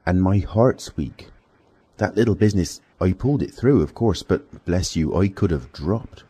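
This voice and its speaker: A man's voice: low-pitched, animated, normal speed, mellow, husky. A man voicing a cowardly middle-aged tramp who pleads and complains in a self-pitying way in an audiobook. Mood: whining. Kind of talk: audiobook character voice.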